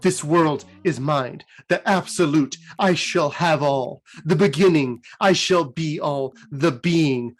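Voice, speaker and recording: A man voicing an ancient eldritch entity in a casual lore retelling, proclaiming slowly. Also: a little high. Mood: ominous. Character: ancient eldritch cosmic entity, female, vast and ominous.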